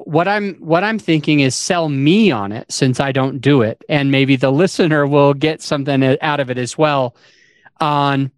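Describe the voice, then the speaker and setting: Male podcast host, explanatory casual chat, a touch high-pitched, dry studio sound. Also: no room sound.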